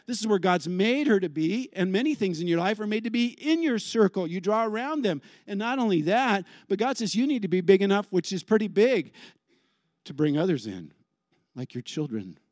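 Guy preaching, kinda high voice, chatty and lively, keeps asking the crowd stuff. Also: a little fast, no echo, studio quality. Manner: animated, conversational, asks the crowd questions. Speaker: pastor. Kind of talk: sermon.

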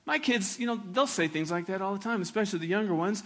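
A pastor preaching a sermon with animated delivery, swinging from loud emphasis to hushed, slow reflection. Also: male voice, high-pitched, slightly rough.

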